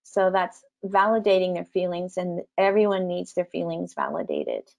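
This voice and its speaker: A woman teacher trainer giving an online talk to parents, gentle and explanatory, with frequent ums. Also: on the low side, flat delivery, normal speed, vocal fry.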